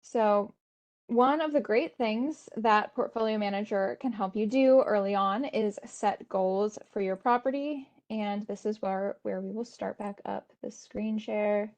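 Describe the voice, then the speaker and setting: A woman presenting an instructional webinar, explaining steps in a steady tone with frequent "um" and "uh" fillers. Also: mid-range voice, unhurried.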